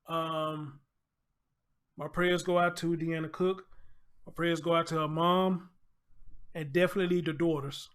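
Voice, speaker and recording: A man's voice: a little high, level tone, a little slow, long pauses, fairly bright tone, clear, resonant tone. A man hosting his own show, reading a crime story aloud and reacting in loose, emphatic, swearing casual talk.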